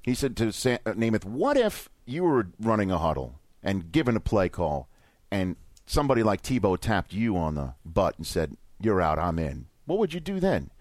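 A man hosting a podcast, telling stories in an animated, self-mocking way. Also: lowish voice, moderate pace, no echo. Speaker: podcast host. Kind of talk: casual chat, telling anecdotes.

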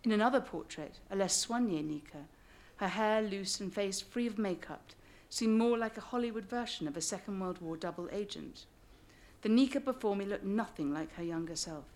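A woman's voice: medium pitch, animated, moderate pace, a little mellow. English woman reading her memoir with wry asides. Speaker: author. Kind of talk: reading a memoir aloud to a live audience.

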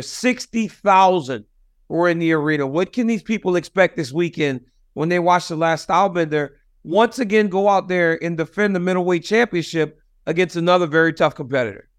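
A man with a high voice hosts a casual interview. He asks direct, leading questions in an easy, conversational way. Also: brisk, smooth. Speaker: host.

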